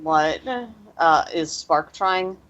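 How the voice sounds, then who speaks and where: A woman's voice: sits low, fairly even intonation, fairly bright tone, muffled recording, a little hiss or hum. A woman playing a tabletop role-playing game, narrating her characters' actions hesitantly. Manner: hesitant, halting. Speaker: player. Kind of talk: tabletop role-play chat.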